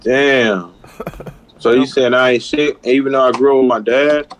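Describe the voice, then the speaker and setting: A man's voice: mid-range voice, fairly even intonation, normal speed, slight background noise. A man in a casual podcast chat, pushing back in slang. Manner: defensive, slangy.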